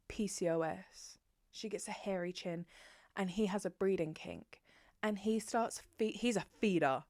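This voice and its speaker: Sweary, animated woman chatting books. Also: mid-range voice, no echo, clean studio sound. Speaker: book vlogger. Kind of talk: casual chat to camera.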